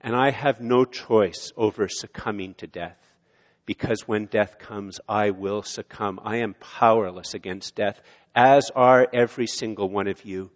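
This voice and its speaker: A man preaching a sermon in a church, swelling loud on key lines and dropping low and quiet on others. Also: fairly even intonation, unhurried. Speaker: pastor. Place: church sanctuary. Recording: long hall reverb of a church.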